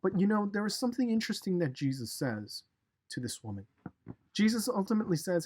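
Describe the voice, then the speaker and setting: A man leading a youth devotional, telling a story in a lively way and speaking straight to his listeners. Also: sits high, brisk, slightly rough. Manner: animated storytelling, direct address to listeners. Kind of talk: casual recorded devotional talk.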